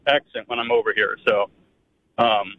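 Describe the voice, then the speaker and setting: Friendly caller on a dull phone line. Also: male voice, lowish voice, flat delivery, moderate pace. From Pennsylvania. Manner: friendly, hesitant. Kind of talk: phone-in radio call.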